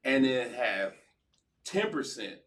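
A man's voice: mid-range voice, very animated, takes it slowly, fairly bright tone. A man who is a former pro football player, speaking as a guest in a casual interview, affirming and reflective, often restarting his sentences. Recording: voice sounds distant from the mic.

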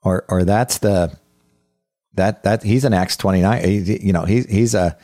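On his podcast, a man with a very deep, dark-toned voice gives a conversational Bible teaching, speaking earnestly but haltingly and repeating words as he restarts sentences. The sound is dry with no room echo, and faint music plays behind him.

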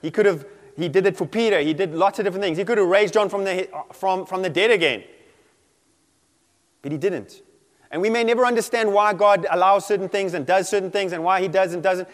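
A man preaching a sermon in an animated way, acting out quoted voices and laughing often. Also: high-pitched, fairly quick. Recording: long hall reverb.

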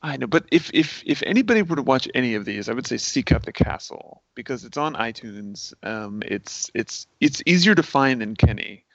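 Casual podcast guest, male, gravelly voice, laughs a lot, dull dry recording. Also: mid-range voice, very animated, normal speed, hardly any pauses, dry recording. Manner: laughs often, gushing.

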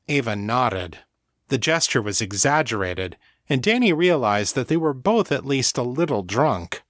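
A man reading a novel aloud as narrator, measured and even. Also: medium pitch, no echo, studio quality. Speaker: audiobook narrator. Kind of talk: scripted narration.

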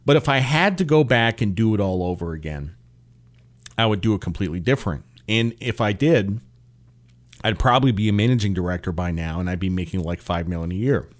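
A man's voice: fairly low pitch, lively intonation, fairly quick. A man in his forties hosting a solo podcast from his home office, talking in a candid, opinionated way with conversational asides. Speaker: podcast host.

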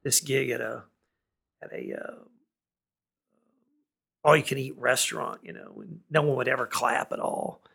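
A man's voice: mid-range voice, fairly even intonation, measured pace, creaky, long pauses, pushed and bright, breathy edge. A man, a musician guest in a studio, telling rambling stories and laughing often. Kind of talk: storytelling in a relaxed conversation. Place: recording studio.

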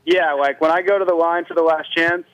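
A man's voice: a little high, fairly bright tone, dry recording, rough recording. A man from Florida, a guest racer, chatting casually in laid-back slang. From Florida, USA. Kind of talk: casual interview chat.

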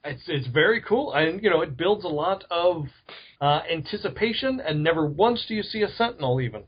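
A man's voice: fairly high pitch, lively intonation, brisk, slightly rough. A man co-hosting a podcast in casual chat, giving short replies and dry jokes. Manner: brief back-channel replies, dry jokes. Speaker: podcast co-host. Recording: dull lo-fi audio.

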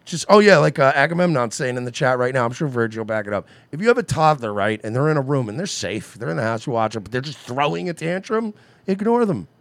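A man's voice: medium pitch, animated, fast, no room sound. A man hosting a podcast gives sardonic, profane running commentary in casual banter. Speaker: podcast host.

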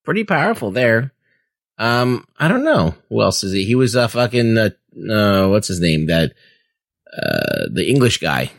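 A man's voice: fairly low pitch, huge pitch swings, a little slow, creaky, no echo, clean studio sound. A man co-hosting a casual podcast, making laid-back remarks.

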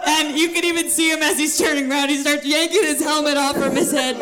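A woman narrating a tabletop game as game master, lively and often laughing as she describes the scene. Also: high voice, brisk.

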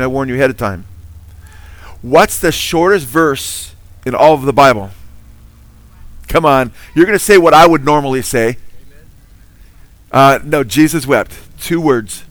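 A man's voice: medium pitch, fairly bright tone, dry recording. A man preaching a sermon, earnest and emphatic, quizzing his listeners with Bible trivia.

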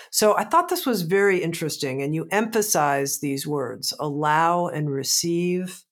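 Thoughtful woman podcast host. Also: low-pitched. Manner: thoughtful, reads a passage aloud before asking. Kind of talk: interview questions.

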